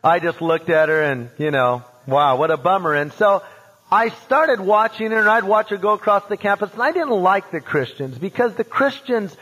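A man telling a personal testimony, animated and acting out voices and sounds from his story. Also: high voice, normal speed, breathy edge. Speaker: speaker giving a testimony. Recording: dull sound in a reverberant hall.

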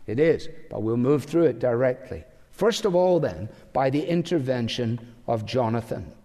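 A man's voice: medium pitch, animated, moderate pace, warm tone. A man preaching a sermon as pastor, emphatic and full of rhetorical questions. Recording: long hall reverb.

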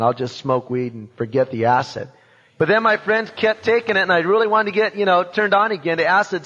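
A man telling a personal testimony, animated and acting out voices and sounds from his story. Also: fairly high pitch. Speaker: speaker giving a testimony. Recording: dull sound in a reverberant hall.

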